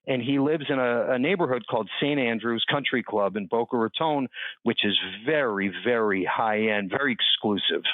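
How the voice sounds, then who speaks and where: A man in his forties tells a personal story as a podcast guest, animated and quick to act out the voices of the people in it. His voice sits at an ordinary middle pitch. The sound is thin and phone-like, with no room around it. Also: no echo. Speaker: interview guest. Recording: dry, tinny phone-like line.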